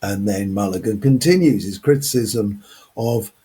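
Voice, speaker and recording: With a fairly low, mellow, slightly rough voice at a normal pace, a man walks through passages of a novel in unscripted close-reading commentary. As a literature presenter, he hesitates often and leans on fillers.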